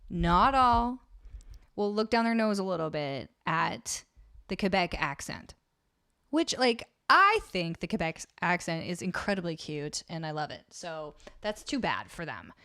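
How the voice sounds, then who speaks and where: A woman's voice: fairly low pitch, lively intonation, measured pace, fairly bright tone, clear, resonant tone, dry recording, studio quality. A young Canadian woman hosting a music livestream, chatting casually with viewers, often laughing and trailing off mid-sentence. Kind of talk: casual chat with live chat.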